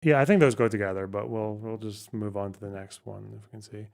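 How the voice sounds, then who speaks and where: A man's voice: fairly low pitch, fairly quick, creaky, darkish tone. A man hosting a casual livestream, thinking aloud and muttering over a word puzzle, swearing now and then. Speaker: livestream host.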